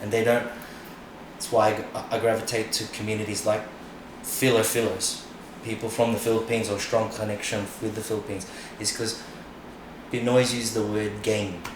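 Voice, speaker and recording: Recorded in a very echoey space with a distant mic and lots of noise, this middle-aged Australian podcast guest talks in a fairly low, flat voice at a moderate pace. His casual chat is frank, peppered with swearing and frequent "you know"s.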